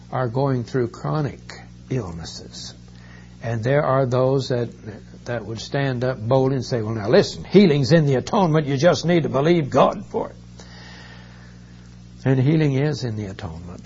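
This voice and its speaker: Guy preaching a sermon, slow and earnest, mellow voice, kinda muffled recording w a faint hum. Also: mid-range voice. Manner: slow, earnest Bible exposition, stretching key words.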